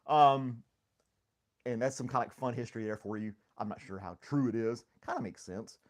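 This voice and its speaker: A man's voice: mid-range voice, normal speed. A man hosting a casual livestream chat, rambling and joking, laughing often at himself. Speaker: host.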